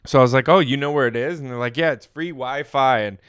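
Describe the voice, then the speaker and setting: An American man co-hosting a podcast, chatting casually and telling travel stories with lively quoted voices. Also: medium pitch, quick pace, clear, resonant tone, no echo, studio quality. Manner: animated storytelling with quoted voices. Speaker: podcast co-host. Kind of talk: casual chat.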